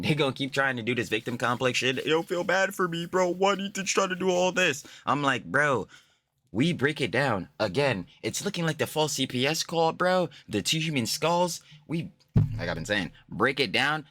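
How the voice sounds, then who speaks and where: Animated, profane young man ranting. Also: mid-range voice, normal speed. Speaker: commentary YouTuber. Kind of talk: profane reaction commentary.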